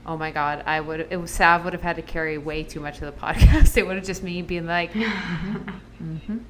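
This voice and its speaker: A woman's voice: sits low, fairly even intonation, fast talker, fairly bright tone, a little hiss or hum. Chatty woman podcast co-host. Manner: chatty, lots of "like" fillers, laughs often. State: recovering from surgery, still on medication. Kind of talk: casual chat.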